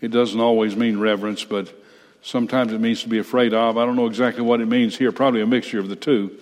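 An older man preaching a sermon, reading scripture slowly and breaking off for folksy, blunt asides. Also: medium pitch, level tone. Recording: reverberant hall.

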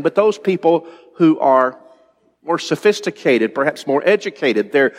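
A man preaching a sermon as pastor, often pausing and repeating words as he thinks aloud. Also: on the high side, expressive. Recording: long reverb of a large hall.

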